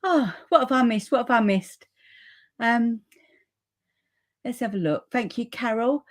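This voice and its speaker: A woman's voice: fairly high pitch, measured pace. Chatty woman demonstrating crafts live. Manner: chatty, rambling, friendly asides to viewers. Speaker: papercraft demonstrator. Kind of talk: live crafting stream, reading viewer comments. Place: room upstairs at home.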